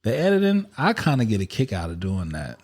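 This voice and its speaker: A man's voice: lowish voice, huge pitch swings, a little fast, darkish tone. A man hosting a podcast in loose, slangy casual chat, candid and repetitive. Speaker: podcast host.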